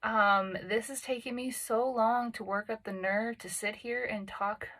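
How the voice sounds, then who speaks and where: A woman's voice: a little high, fairly even intonation, measured pace, fairly bright tone, low-quality recording. A woman hosting a solo podcast, recorded in a home closet on a phone and computer, talking in a chatty, self-deprecating way with lots of fillers. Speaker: podcast host. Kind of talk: casual solo podcast chat.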